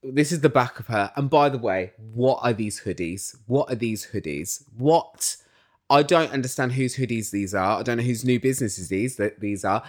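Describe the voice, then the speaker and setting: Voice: medium pitch, normal speed. A British host chatting casually through a reality TV recap, ranting and gossiping with frequent swearing and laughter. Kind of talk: casual solo recap chat.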